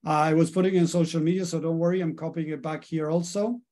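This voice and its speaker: A man's voice: a little high, fast talker. A middle-aged man, a life coach, leading a live online training and calling out to his audience often. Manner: lively, addresses audience as guys often.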